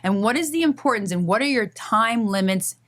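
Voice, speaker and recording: A woman attorney hosting a podcast in casual chat, telling stories with animated acted-out phone calls. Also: fairly high pitch, fairly quick.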